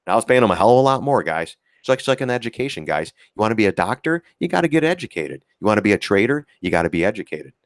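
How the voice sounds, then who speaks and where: Low-ish guy on a trading stream, rambles, lots of "you know", chuckles, dry sound. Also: sing-song, very fast, few pauses, no room sound. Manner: rambling, full of filler words and repeats; acts out quoted voices, chuckles often. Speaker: stock trading livestream host. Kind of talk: casual livestream chat.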